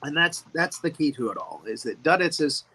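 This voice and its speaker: A man's voice: a little high, lively intonation, fairly quick, bright, forceful tone, husky, rough recording. A man hosting a casual movie discussion who rambles, repeats words and laughs often. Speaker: host.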